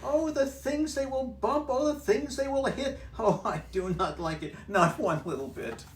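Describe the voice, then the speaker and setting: A man's voice: extremely high pitch, takes it slowly, a bit bright, a little hiss or hum, pitched above the performer's own voice, heavily acted. A man voicing a fretful, scolding little pet fish that pleads in alarm, read aloud in a roomy space from a distance.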